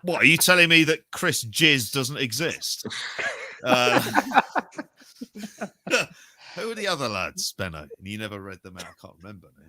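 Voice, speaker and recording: A man's voice: mid-range voice, very animated, normal speed, long pauses, sharp tone, dry recording. A man hosting a casual podcast chat, jokey and rambling, often breaking into laughter. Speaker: podcast host.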